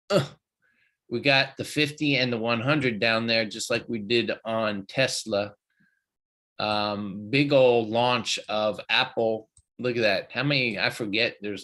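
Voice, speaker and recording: Slow-talking folksy man. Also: mid-range voice, pushed and bright. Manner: folksy, chatty, loose with fillers. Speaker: trading show host. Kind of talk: live market commentary.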